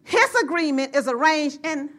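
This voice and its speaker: A woman pastor preaching a sermon to her church, getting excited and rising to shouts as she calls out to the congregation. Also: high-pitched, normal speed.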